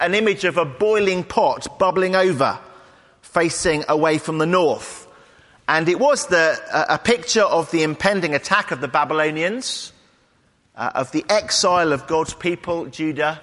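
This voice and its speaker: A man preaching a sermon in a measured, conversational way. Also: fairly high pitch, a bit bright, long reverb tail.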